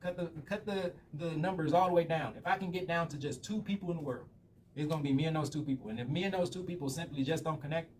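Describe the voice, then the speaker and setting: Guy ranting fast and cussing a lot, kinda far from the mic, faint room hum. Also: fairly high pitch. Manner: profane, rambling storyteller. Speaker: vlogger. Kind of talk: casual rant monologue. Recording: slightly distant mic with faint room noise.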